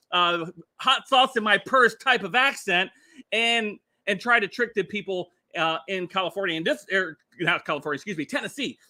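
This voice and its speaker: A man's voice: high-pitched, bright, forceful tone. A middle-aged man hosting a casual commentary livestream, rambling and chuckling with lots of filler words. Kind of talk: casual political commentary stream.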